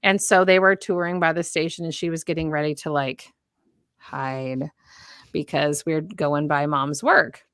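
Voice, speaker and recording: A woman in her thirties, a radio host, chatting as a podcast guest and telling stories with lively, expressive delivery. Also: low-pitched, measured pace, clean tone, no room sound, studio quality. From United States. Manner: animated storyteller, acts out voices. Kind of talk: casual chat.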